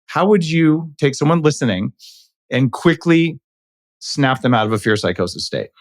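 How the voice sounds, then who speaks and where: A man hosting a podcast interview, talking in an animated, opinionated way with quick asides. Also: medium pitch, no room sound, clean studio sound. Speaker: podcast host. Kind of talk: casual interview chat.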